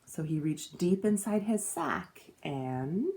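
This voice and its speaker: A woman teacher reading a children's storybook aloud with expressive storytelling. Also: deep voice, slow pace, slight background noise.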